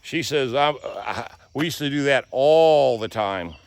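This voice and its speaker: Outdoors in a rural garden, a man with a medium-pitched, creaky voice gives a casual vlog tour. He talks a little slowly with lively intonation, telling folksy stories as he walks.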